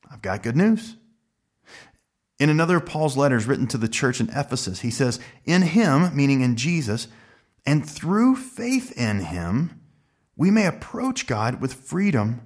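A man preaching a sermon in an earnest, emphatic way, slowing down to stress key words. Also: mid-range voice. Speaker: pastor.

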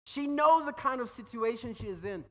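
A man's voice: very high-pitched, animated, moderate pace. A man preaching a sermon, telling stories and acting out quoted voices, often repeating words as he goes. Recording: long hall reverb.

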